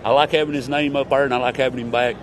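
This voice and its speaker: A man's voice: medium pitch, fairly even intonation, very fast. A man, a fan giving a laid-back, dry opinion outdoors. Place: outdoors outside an arena.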